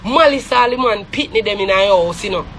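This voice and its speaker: Scornful Jamaican woman, bright voice. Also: medium pitch, expressive, a little hiss or hum. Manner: scornful, rapid, repetitive. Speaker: live-stream commentator. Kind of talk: heated gossip commentary.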